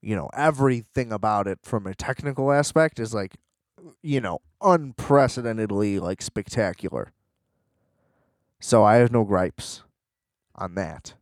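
A man's voice: fairly low pitch, expressive, a little slow, no room sound. Rambling sarcastic young man, dry sound. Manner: rambling, sarcastic, many fillers. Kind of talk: casual opinionated rant.

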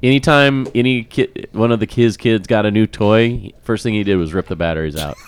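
A man co-hosting a podcast in casual chat, telling quick anecdotes with fillers. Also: fairly low pitch. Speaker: podcast co-host.

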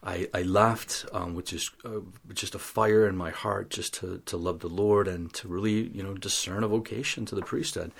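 Deep husky man telling his story. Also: fairly even intonation, normal speed, hardly any pauses. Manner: earnest storytelling, acts out quoted dialogue. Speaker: interview guest. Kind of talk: telling a personal faith story.

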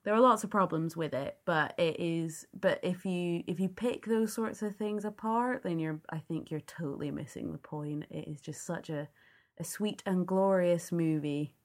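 A woman's voice: on the low side, moderate pace. A woman co-hosting a casual film podcast, enthusiastic and giggly. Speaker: podcast co-host.

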